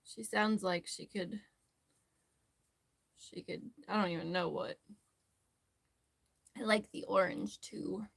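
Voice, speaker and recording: A woman's voice: mid-range voice, steady tone, slow pace, creaky, long pauses, husky. A woman hosting a crochet tutorial, chatting casually and rambling as she works, laughing often. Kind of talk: casual chat while crocheting.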